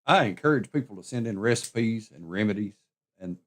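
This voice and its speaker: A man hosts a local radio program, talking with a guest in the studio. His voice sits a little low and stays easygoing and folksy. He speaks in an unhurried, neighborly way. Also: animated, a bit bright. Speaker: radio show host. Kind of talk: casual radio chat.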